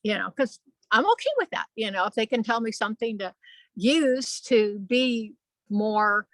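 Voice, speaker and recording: A woman on a video call sharing a spiritual experience, rambling and animated, with playful asides. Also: on the high side, normal speed, no room sound, poor audio. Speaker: spiritual channeler.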